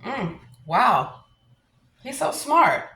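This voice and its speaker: A brash woman with a Southern US accent delivers a profane, combative rant to camera. Her fairly high voice swoops up and down as she talks. The room around her rings with echo. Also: very animated, extremely slow, fairly bright tone. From New Orleans, USA. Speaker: vlogger. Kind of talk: ranting monologue to camera. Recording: roomy echo.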